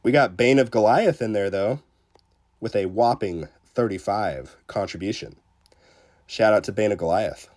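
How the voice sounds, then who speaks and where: A man with a somewhat low voice gives casual live commentary while streaming a game. He chats loosely, with plenty of fillers, greets his viewers and jokes at his own expense. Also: normal speed. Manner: chatty, many fillers, greets chat viewers; self-deprecating and excitable. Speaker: livestreamer.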